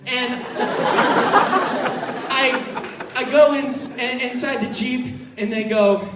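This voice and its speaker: A man's voice: very high-pitched, steady tone, slow pace, over a noisy crowd. A young man performing stand-up comedy, telling a story and acting out the other people's voices. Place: college comedy venue with audience. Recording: roomy distant live recording, noisy. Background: audience laughter.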